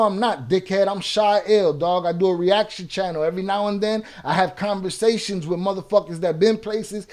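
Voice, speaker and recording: A man's voice: high voice, darkish tone. A man hosting a live reaction stream, reading chat comments aloud and firing back in profane street slang with a Chicago accent. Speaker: reaction channel host.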